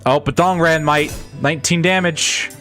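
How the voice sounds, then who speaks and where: A man's voice: a little high, fairly even intonation, normal speed, sharp tone, soft background music. A man streaming a game playthrough, joking around, laughing often and reading lines in mock-dramatic voices.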